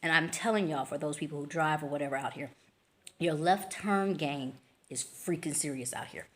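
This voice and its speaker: A woman with a somewhat low voice tells a story casually in her vlog. She talks in slangy, expressive bursts and acts out the scene with sound effects and quick little voices. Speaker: travel vlogger.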